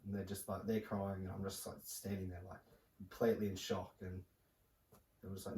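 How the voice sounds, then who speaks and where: A young man, a podcast guest telling a personal story in a halting, soft-spoken way with many fillers. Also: low-pitched, monotone. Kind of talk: casual podcast conversation. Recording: roomy, distant mic with faint noise.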